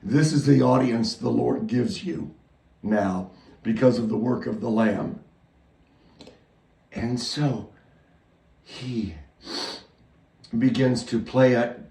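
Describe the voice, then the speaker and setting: A man preaching a loose, rambling sermon, moving between quiet, halting prayer and loud, excited retelling. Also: medium pitch, gravelly, roomy sound, recorded from a distance, poor audio.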